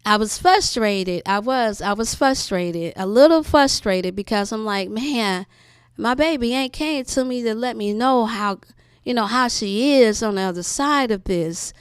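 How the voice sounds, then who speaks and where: A woman's voice: measured pace, smooth, dry recording, studio quality. A middle-aged woman hosting her wellness channel, giving an earnest, conversational personal testimony and speaking straight to her viewers. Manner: earnest, conversational, addresses audience as y'all; rises high and bright when excited.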